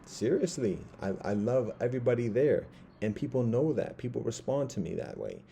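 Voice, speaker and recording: A man in his fifties giving a rambling personal monologue, halting as he repeats words and restarts his sentences. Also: mid-range voice, animated, gravelly, mellow, a little hiss or hum.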